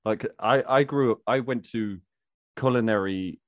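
A man's voice: mid-range voice, normal speed, no room sound, dull audio. A young man with an English Midlands accent chatting casually as a guest, swearing freely and often restarting his sentences. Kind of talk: casual chat.

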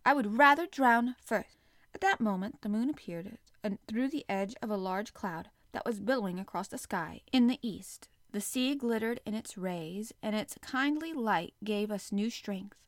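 Expressive woman reading an adventure novel. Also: mid-range voice, normal speed, hardly any pauses, no room sound, studio quality. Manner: expressive, dramatic first-person storytelling. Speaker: audiobook narrator. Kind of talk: reading a classic novel aloud.

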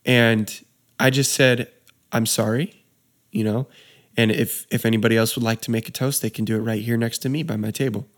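A man's voice: medium pitch, fairly even intonation, normal speed. Laid-back young man telling a story. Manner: laid-back, says dude and you know a lot. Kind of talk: casual storytelling chat.

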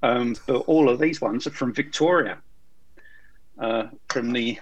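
A man's voice: mid-range voice, unhurried, rough recording. A man hosting a casual podcast chat, joking around and steering the talk with plenty of ums. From England. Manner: chatty, joking, runs the show with filler ums. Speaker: podcast host. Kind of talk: casual chat among friends.

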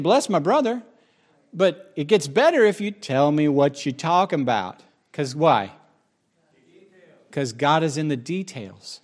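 A man's voice: fairly high pitch, sing-song, a little slow, pauses often. A man preaching a sermon in a conversational, joking way, with asides to the audience.

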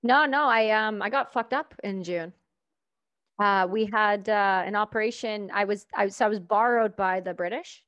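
A woman's voice: mid-range voice, moderate pace, clear, resonant tone, muffled recording. A woman from Canada, an army veteran, telling war stories in casual, profane conversation. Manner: profane, animated storyteller.

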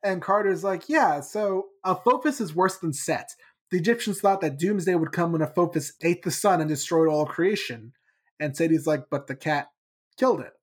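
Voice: medium pitch, lively intonation, normal speed, slightly rough. A podcast host casually recapping a book chapter in a chatty, playful way.

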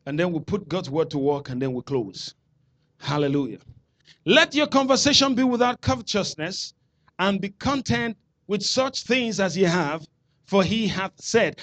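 Nigerian pastor preaching with high voice. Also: male voice, animated, moderate pace. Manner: preaching with call-and-response, rising to shouts. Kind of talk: sermon.

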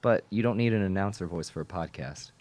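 A man's voice: low voice, brisk, darkish tone, slight background noise. A young man hosting a casual podcast, bantering with friends in a playfully exasperated way. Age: young adult. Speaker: podcast host. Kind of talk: casual chat. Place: small home studio.

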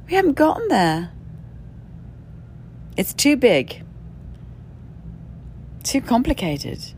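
A woman's voice: medium pitch, darkish tone, slight background noise. A woman speaking candidly and bluntly, with frequent swearing and laughter, from indoors in a rented lodging. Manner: blunt, profane, emphatic, laughs often. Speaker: speaker sharing spiritual experience. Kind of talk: candid monologue.

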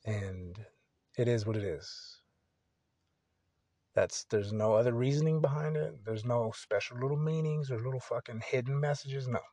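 A young man talks on his own solo podcast at a normal speed, his mellow voice sitting in a middle register. He's rambling, candid and profane, swearing a lot and restarting sentences. The sound is dry and close, with no room echo.

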